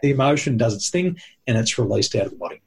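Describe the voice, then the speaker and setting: A man with a very husky, breathy voice talks in a conversational, teacherly way. He stresses his points and runs through them as lists. His pitch sits in the middle. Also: animated, fast talker. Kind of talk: conversational explaining.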